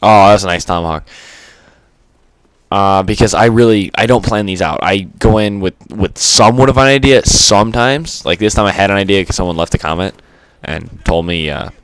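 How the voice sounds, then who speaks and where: A man's voice: fairly low pitch, moderate pace, clear, resonant tone. A man giving unscripted gameplay commentary, rambling and stuttery with lots of fillers and casual swearing. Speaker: gaming commentator.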